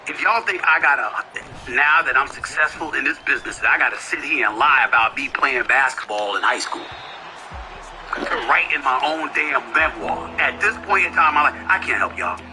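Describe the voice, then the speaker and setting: A man in his fifties, a sports commentator, delivering an impassioned, combative monologue with emphatic repeated questions that climb up high. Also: lively intonation, moderate pace, pushed and bright, soft background music, low-quality recording. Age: 50s.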